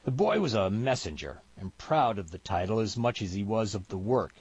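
A man reading a story aloud in a measured, expressive storybook narration, heard on a dull, lo-fi recording. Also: fairly low pitch, slightly rough.

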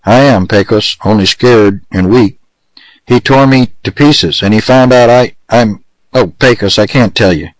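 A man's voice: lowish voice, a little slow, no room sound, natural voice, rough recording. A man reading the lines of a frightened, weakened young woman in a western audiobook. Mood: shaken. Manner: shaken, pleading.

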